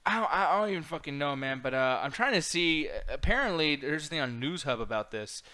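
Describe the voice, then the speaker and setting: A man's voice: fairly high pitch, expressive, a little fast, sharp tone. A man co-hosting a casual online chat show, swearing freely and laughing often. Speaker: co-host.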